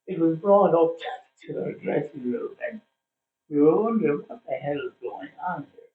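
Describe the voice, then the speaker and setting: An older man from Ireland, a former cricketer, reminiscing in a casual interview, telling his stories with plenty of "uh" pauses. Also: a little high. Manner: chatty storyteller with frequent "uh" pauses. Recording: distant, phone-like, roomy sound.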